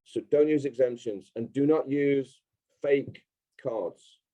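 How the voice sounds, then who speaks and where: A man's voice: mid-range voice, slow pace, mellow, low-quality recording. A man speaking as a podcast guest, emphatic and insistent, repeating his key points. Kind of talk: casual interview talk.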